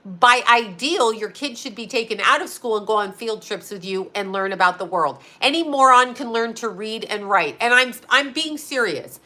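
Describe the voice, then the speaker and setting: A woman's voice: fairly high pitch, expressive, normal speed, few pauses, bright, forceful tone. Blunt, profane woman ranting with a lisp. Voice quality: slight lisp. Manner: blunt, profane, repeats herself for emphasis. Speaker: host. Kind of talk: ranting livestream monologue.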